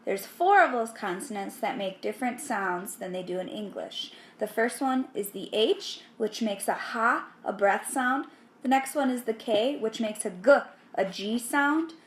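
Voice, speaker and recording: A young adult woman giving a spoken language lesson, slowly and carefully pronouncing each sound for learners to repeat. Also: on the high side, lively intonation, slight background noise. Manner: slow, careful, clearly enunciated. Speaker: language teacher.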